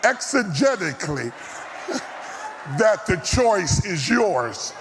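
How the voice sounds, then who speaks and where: A man preaching a sermon to a congregation, shouting in a sing-song whooping cadence. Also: high voice, very animated, extremely slow. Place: church sanctuary. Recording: live church sermon with music and congregation.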